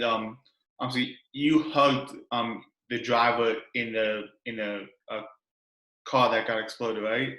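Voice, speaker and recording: Young male interviewer, bright voice, halting and full of fillers, roomy echo. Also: medium pitch. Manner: hesitant, many fillers and restarts. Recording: echoey room.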